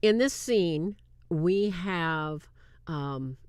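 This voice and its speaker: A woman hosts a faith-based film review in an animated, casual way, speaking straight to her viewers. Her voice sits low but swings widely in pitch, from loud bursts to hushed asides. The sound is dry and close. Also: drawn-out words, smooth, no echo. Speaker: host reviewing a film on demonology.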